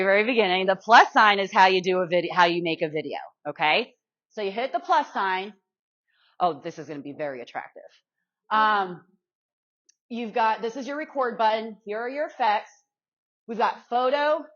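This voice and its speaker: A woman's voice: mid-range voice, lively intonation, a little fast, a bit bright. A woman giving a live workshop demonstration to an audience in a meeting room, chatty and self-deprecating, checking in with her listeners over and over. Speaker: guest speaker teaching social media to real estate pros. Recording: muffled lo-fi sound.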